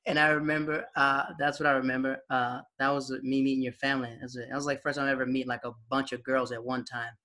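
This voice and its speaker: A man's voice: medium pitch, flat delivery, fast, few pauses, sharp tone. A young adult man sharing memories in casual chat, rambling, with lots of filler words and frequent laughs.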